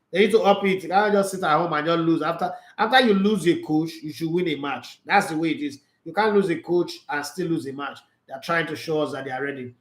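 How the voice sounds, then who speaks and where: A man's voice: fairly high pitch, roomy sound. A man with a Nigerian Pidgin English accent, hosting a loose football chat, laughing often and switching between Pidgin and English. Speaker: sports channel host. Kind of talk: live football commentary chat.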